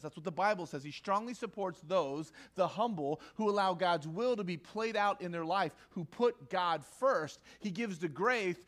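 A man preaching a conversational sermon to a live congregation, repeating key lines for emphasis and acting out quoted voices. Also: sits high. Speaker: pastor. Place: church hall with a live audience.

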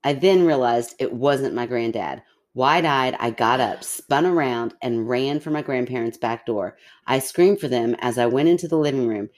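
A woman with a very deep voice co-hosts a chatty podcast. She reads listener stories aloud in an animated way and reacts with quick laughs and gasps. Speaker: podcast co-host. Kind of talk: casual chat and reading listener stories aloud.

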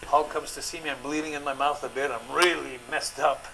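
Animated man telling wrestling stories. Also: fairly high pitch, fairly quick, gravelly, a crowd in the background, rough recording. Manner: animated anecdotes, acts out quotes. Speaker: guest, former wrestler. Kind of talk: casual storytelling on a podcast.

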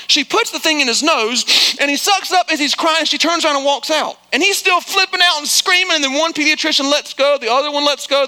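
High, bright-voiced preacher telling stories. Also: male voice. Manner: chatty, self-deprecating asides. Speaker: pastor. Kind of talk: sermon with comic storytelling.

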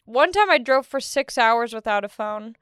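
A woman's voice: fairly high pitch, lively intonation, normal speed, a bit bright, clean tone, no echo, clean studio sound. A young woman hosting her own podcast, talking in a rambling, jokey, self-deprecating monologue. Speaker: podcast host. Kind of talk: casual monologue.

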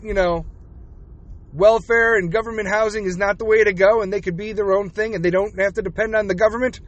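High-voiced man ranting profanely. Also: a bit bright, a little hiss or hum. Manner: profane, fired-up, sarcastic. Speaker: podcast host. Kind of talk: political rant.

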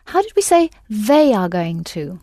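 A woman's voice: medium pitch, very animated, a little slow, dark tone, no room sound, studio quality. A woman teaching a language lesson, patiently prompting her students with questions.

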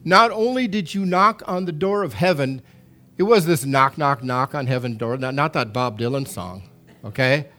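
Speaking at a moderate pace in a mid-range voice, a middle-aged man delivers a sermon as pastor. He is animated and emphatic, often repeating himself and restarting lines.

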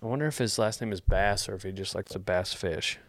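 A man hosting a vlog, answering viewer questions in a rambling, deadpan joking chat. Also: fairly low pitch, a little fast, dry recording. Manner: joking, deadpan, wandering asides.

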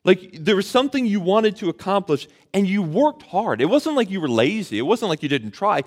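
A man's voice: high voice, sing-song, a little fast. A man preaching a sermon in a conversational way, asking the audience questions and retelling a story with casual slang. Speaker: pastor.

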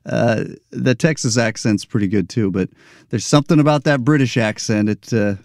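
A chatty male host leads a relaxed interview over a video call, laughing easily and drifting into asides. His voice sits at a middle pitch, and the sound is dry and close. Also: normal speed, no echo. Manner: chatty, laughs often, digresses. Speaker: podcast host.

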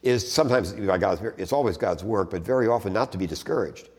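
Guy teaching theology in an echoey hall, kinda low voice, chatty, lots of restarts. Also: fast talker. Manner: conversational, repeats and restarts phrases, animated emphasis. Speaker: theology lecturer. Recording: long hall reverb.

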